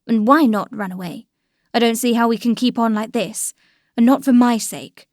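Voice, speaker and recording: A woman reading the lines of a resolute young male officer in a quiet, persuasive tone. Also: a little high, normal speed, no echo, clean studio sound, lightly acted. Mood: earnest. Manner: quiet, earnest pleading.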